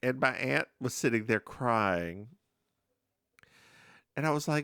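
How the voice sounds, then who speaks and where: A podcast co-host telling stories in casual chat, animated and laughing often. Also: mid-range voice, slow, vocal fry, long pauses, clean tone, no echo, studio quality.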